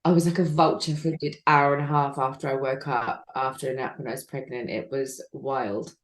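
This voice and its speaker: A woman in her thirties with a low-pitched voice tells a personal story as an interview guest. She speaks candidly and haltingly, with many fillers and restarts. The recording has a noticeably echoey room sound. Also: steady tone.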